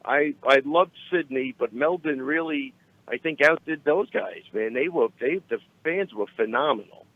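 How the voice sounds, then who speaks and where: A man calling in as a guest, chatting in an excitable, gushing way over a phone line. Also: fairly high pitch, normal speed. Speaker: guest, fight coach. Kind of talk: casual chat on a phone call.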